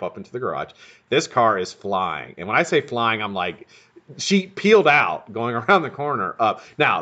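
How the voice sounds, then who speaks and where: Lively, bright-voiced guy swearing. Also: mid-range voice. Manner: profane, rambling, animated storyteller. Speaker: live stream host. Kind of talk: casual storytelling on a live stream. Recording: dull lo-fi stream audio.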